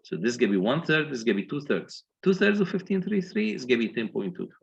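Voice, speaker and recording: A man's voice: medium pitch, sing-song, fast, creaky, muffled recording. A man with an Egyptian accent giving a university engineering lecture, explaining step by step and often checking that students follow.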